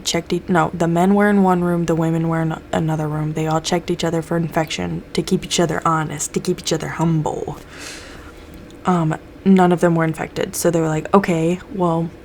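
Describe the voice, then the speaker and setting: A woman's voice: fairly low pitch, darkish tone, slight background noise. A young woman casually recapping a TV episode, loose and profane, acting out the characters' lines as she goes. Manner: loose, swears a lot, acts out characters' lines.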